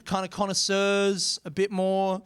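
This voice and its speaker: A young Australian man doing a stand-up comedy set, telling a story conversationally with animated impressions and casual swearing. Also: high-pitched, a little slow. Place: comedy club stage with audience.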